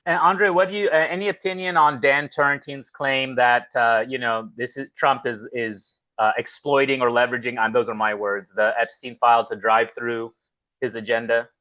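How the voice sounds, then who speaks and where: Halting man moderating, bright dry voice. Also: mid-range voice, fairly even intonation, dry recording. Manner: halting, fills pauses with "uh". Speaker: show host and moderator. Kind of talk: casual political talk show discussion.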